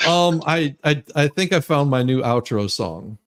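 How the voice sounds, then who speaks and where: A man's voice: fairly high pitch, lively intonation, measured pace. A man hosting a loose, joking morning chat show, laughing often. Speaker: show host. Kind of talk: casual chat.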